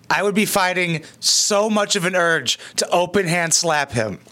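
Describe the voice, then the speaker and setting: A man's voice: sits high, unhurried, pushed and bright. A man hosting a reaction video, mocking and sarcastic, with crude comedic commentary.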